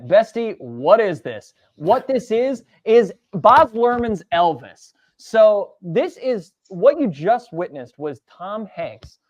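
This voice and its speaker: Lively, animated woman cohosting a livestream. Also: mid-range voice, slow, hardly any pauses, dry recording, muffled recording. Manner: animated, emphatic, playful. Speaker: co-host. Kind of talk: casual livestream chat.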